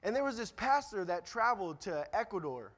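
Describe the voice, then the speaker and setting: A young man preaches in a high, lively voice, slipping in jokes and hammering home repeated lines. His words ring out with a long reverb from the hall. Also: brisk. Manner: joking asides, repeats key lines. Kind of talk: sermon.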